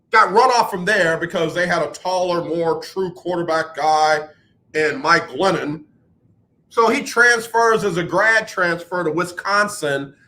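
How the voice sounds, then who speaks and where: A man hosting a radio show, talking sports in an animated, rambling monologue and poking fun at his own slips. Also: high voice. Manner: animated, rambling, self-mocking.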